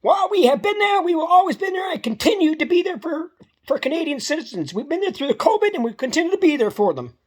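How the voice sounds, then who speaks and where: A woman's voice: very high-pitched, sing-song, fast talker, pitched above the performer's own voice. A woman putting on a mocking impression of a smug, evasive male politician reciting stock lines in a sing-song manner.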